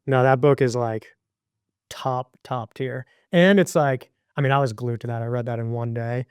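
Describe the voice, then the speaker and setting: Male podcast talker with a smooth, clear voice at mid pitch, recorded dry, loose and chatty. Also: moderate pace, dry recording. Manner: animated, filler-heavy storytelling with lots of likes. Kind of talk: casual podcast conversation.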